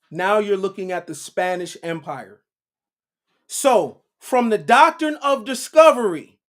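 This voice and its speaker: Slow, preachy man lecturing his chat. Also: very high-pitched, a bit bright. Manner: preachy, rhetorical questions, repeats "right?"; slow and deliberate. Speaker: livestream host. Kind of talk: casual commentary livestream.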